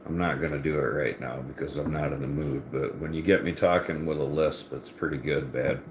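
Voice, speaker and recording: A man's voice: rumbling low, steady tone, fairly quick, slight background noise. Crude, joking man in an echoey room. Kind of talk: casual chat to viewers.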